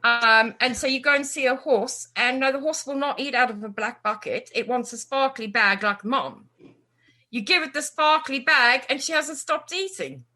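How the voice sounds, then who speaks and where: Bright, lively woman telling stories. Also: high-pitched, normal speed. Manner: lively storyteller, acts out quotes. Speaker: guest, animal communicator. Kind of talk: casual interview chat.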